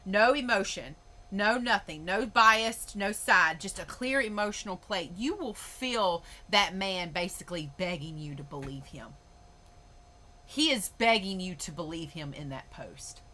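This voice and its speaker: A woman's voice: mid-range voice, animated, measured pace, bright, forceful tone, slight background noise. A woman hosting a podcast, ranting in a blunt, emphatic way and swearing freely. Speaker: podcast host. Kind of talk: opinionated podcast monologue.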